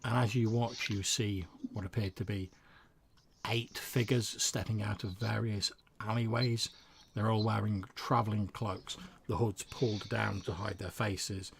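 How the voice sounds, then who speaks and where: A man narrating a tabletop role-playing game as game master, describing the scene in a measured way. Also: fairly low pitch, fairly even intonation, gravelly, slight background noise.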